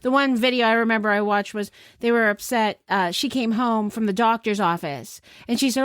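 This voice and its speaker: A middle-aged woman co-hosts a podcast in a fairly high voice, chatty and agreeable as she animatedly retells clips. The sound is dry and close. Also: brisk, hardly any pauses, smooth, no echo. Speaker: podcast co-host. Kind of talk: casual chat.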